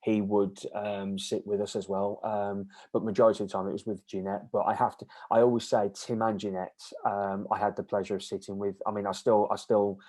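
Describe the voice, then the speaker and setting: A man's voice: fairly low pitch, little pitch movement, fairly quick, few pauses, warm tone, low-quality recording. A man with an easygoing, rambling way of talking, telling a personal story as an interview guest, with plenty of fillers and restarts. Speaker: guest medium.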